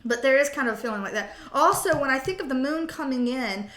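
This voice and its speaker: A woman with a high voice gives a casual live tarot reading, chatty and jokey, rambling from one aside to the next and swearing freely. Her voice bounces around an echoey room. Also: animated, fast, a bit bright. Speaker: tarot reader.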